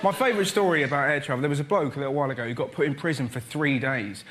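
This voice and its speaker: A man doing energetic stand-up on a TV panel show, quick and excitable, often bursting into acted-out voices. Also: mid-range voice. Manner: fast, excitable, acts out voices. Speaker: comedian. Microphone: stage mic.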